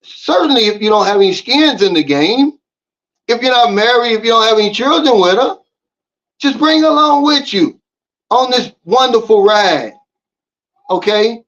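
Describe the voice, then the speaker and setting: Man, American, vlogger, high voice, emphatic preachy advice, slightly muffled audio. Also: animated, normal speed, a bit bright. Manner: emphatic, preachy, talks straight to viewers. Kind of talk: casual advice monologue to camera.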